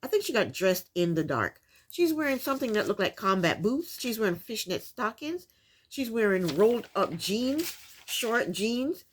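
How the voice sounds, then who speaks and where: A woman hosting a casual TV recap, her voice rising and falling in a lively, expressive way. She sounds incredulous at what she retells and circles back to the same point to drive it home. Her delivery is chatty and unscripted. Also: fairly high pitch. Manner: incredulous, repeats points for emphasis. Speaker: reality TV recap host.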